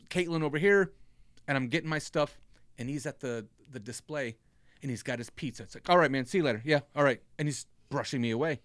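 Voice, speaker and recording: A man with a slightly high, very lively voice spins a comic story in casual chat, jumping into the voices of the people in it. The sound is dry and close, with no room around him. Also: no echo. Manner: animated storytelling, acting out quotes. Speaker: storyteller on a comedy podcast.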